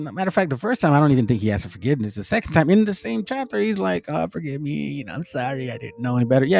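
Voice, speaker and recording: A man's voice: on the high side, creaky, warm tone. A man teaching from the Bible in a loose, slangy way, acting out bits of dialogue as he goes. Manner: preachy, slangy, acts out dialogue. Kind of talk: informal Bible commentary.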